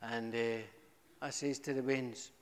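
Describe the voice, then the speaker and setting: A middle-aged man giving a humorous, animated testimony to a church, with sudden high exclamations. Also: slow, noisy background. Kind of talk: storytelling testimony. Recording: echoey hall.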